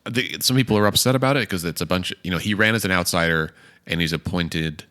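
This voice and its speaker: Deep-voiced man, a podcast co-host. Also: quick pace, sharp tone. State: has hiccups. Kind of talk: casual political chat.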